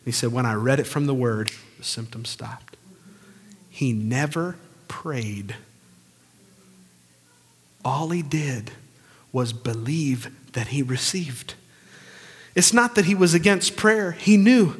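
A man preaching a sermon, telling stories and swinging from booming to hushed. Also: unhurried, pauses often, breathy edge. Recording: long reverb of a large hall.

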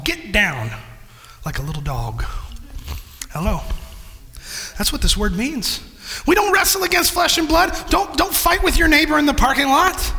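A man with a strikingly high, bright voice preaches a sermon. He is animated, breaking into loud bursts and quick asides. His voice rings with the long echo of a church hall. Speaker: pastor.

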